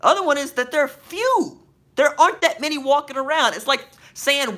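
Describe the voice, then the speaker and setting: A man hosting a live stream, reading viewer questions from the chat aloud and answering them with slangy, animated banter and rapid rhetorical questions. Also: very high-pitched. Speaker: podcast host.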